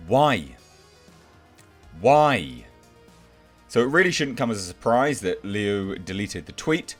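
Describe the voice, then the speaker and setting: A man's voice: fairly low pitch, expressive, normal speed, soft background music. A man giving a sarcastic, exasperated ranting commentary, mocking what he reads out. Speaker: YouTube film commentator.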